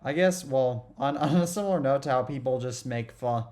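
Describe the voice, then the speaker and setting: A man's voice: mid-range voice, normal speed, a little mellow. A young man from the southeastern United States, a podcast guest in casual chat who leans hard on words and drags out their endings.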